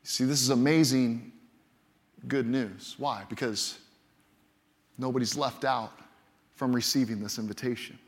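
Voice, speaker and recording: A man's voice: medium pitch, fairly even intonation, unhurried, long pauses. A man preaching a sermon as pastor, emphatic and repeating key phrases for effect, in a large church. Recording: long hall reverb from a church.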